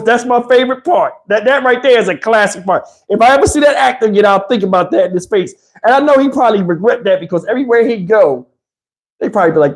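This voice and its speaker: A man's voice: sits high, lively intonation, fast talker. A middle-aged man with a Southern US accent hosting a casual livestream, loose and chatty, laughing often and acting out movie lines. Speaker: livestream host. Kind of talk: casual live chat reading donations.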